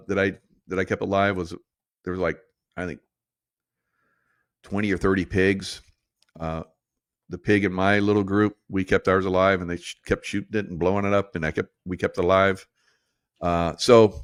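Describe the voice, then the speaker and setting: Middle-aged male host, lowish voice, rambling conspiratorial storyteller who chuckles a lot, close dry recording. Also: no echo. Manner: rambling, conspiratorial, laughs often. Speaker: podcast host. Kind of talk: casual storytelling monologue.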